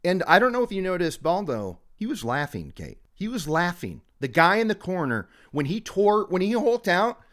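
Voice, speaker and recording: A man co-hosting a true crime podcast, telling the story in a casual, animated and exaggerated way. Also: sits high, normal speed, few pauses. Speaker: podcast co-host. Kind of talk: casual chat.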